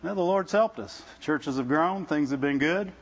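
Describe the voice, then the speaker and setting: High-voiced preacher with a muffled sound. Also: male voice, moderate pace. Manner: conversational, frequent restarts, keeps asking the congregation "Amen?". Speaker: visiting preacher. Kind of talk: sermon. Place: church service with congregation.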